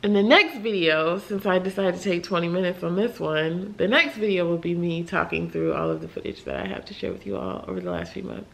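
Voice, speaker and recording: Weary, candid young woman with gravelly fry. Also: lowish voice, lively intonation. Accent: American. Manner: candid, tired, halting, with sighs and soft laughs. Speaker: vlogger. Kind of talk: emotional late-night vlog talk.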